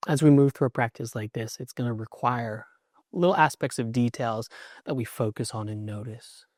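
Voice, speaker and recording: A man's voice: mid-range voice, normal speed, a little mellow, no room sound, clean studio sound. A middle-aged man teaching a yoga class, cueing poses in short instructions with an encouraging, chatty manner.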